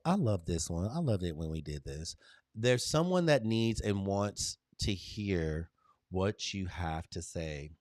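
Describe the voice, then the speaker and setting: A man's voice: lowish voice, very animated, takes it slowly, darkish tone, dry recording, studio quality, some chatter behind. A man hosting a live online stream, chatting animatedly with viewers, greeting them by name and giving motivational pep talks. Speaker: livestream host. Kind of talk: lively livestream chat with viewers.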